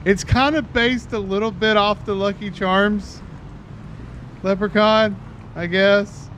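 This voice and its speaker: His voice is high-pitched, slow, a bit bright and fairly even in intonation as he streams a game. The thirtysomething man, admittedly a talker, chats casually and rambles with viewers over noisy stream audio.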